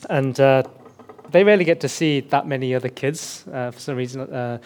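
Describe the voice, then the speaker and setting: Man, English, faint Birmingham accent, middle pitch, conversational sermon, headset mic. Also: a little fast, a little mellow. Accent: Birmingham, mostly suppressed. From England. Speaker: guest pastor. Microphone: headset mic slipping off.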